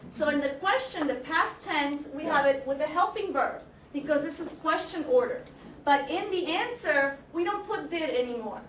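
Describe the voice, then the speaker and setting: A woman teaching an English grammar class, speaking slowly and deliberately, repeating example sentences and quizzing her students. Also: sits high, fairly bright tone. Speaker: ESL teacher. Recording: echoey classroom, camera far off, faint noise.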